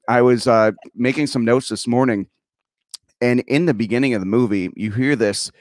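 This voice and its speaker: A man's voice: on the low side, smooth, no echo, clean studio sound. A young man hosting an interview, talking in a loose rambling way with many restarts. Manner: rambling, self-interrupting, laughs often. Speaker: podcast host. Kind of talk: casual interview.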